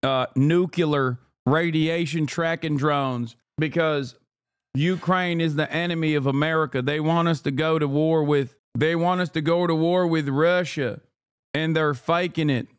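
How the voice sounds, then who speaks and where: A man's voice: on the high side, fairly even intonation, unhurried, smooth, no echo, clean studio sound, close to an everyday voice. A male streamer putting on the voice of an overconfident yokel conspiracy theorist to mock him. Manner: mocking, overconfident.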